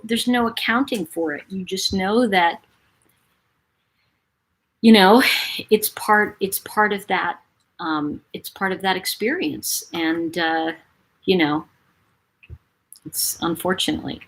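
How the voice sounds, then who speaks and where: A middle-aged woman hosting a live stream, talking warmly and expressively with viewers, with many fillers. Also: fairly low pitch, breathy edge. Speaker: host of a live stream, reading viewer comments. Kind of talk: casual live-stream chat.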